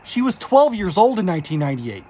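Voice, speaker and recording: A man's voice: high-pitched, big pitch swings, fast talker, dark tone, husky. Intense, swearing man telling a story. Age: 40s. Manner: intense, profane, shaken retelling. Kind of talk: first-person true story.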